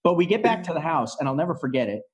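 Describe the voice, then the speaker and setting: A man on a podcast as a guest, telling a story in an animated way and swearing freely. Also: fairly high pitch, rapid-fire, slightly rough, dull audio. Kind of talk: casual storytelling.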